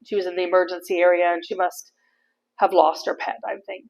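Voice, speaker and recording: A middle-aged woman from Canada, chatting in a casual vlog and telling stories in an animated way, laughing easily. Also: fairly low pitch, fairly quick, gravelly, lo-fi sound. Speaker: vlogger.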